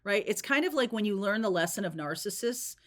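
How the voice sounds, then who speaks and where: A woman's voice: mid-range voice, animated, a little fast. A woman giving a spontaneous tarot reading, talking in a chatty, rambling way and often checking in with "okay?" and "right?". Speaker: tarot reader.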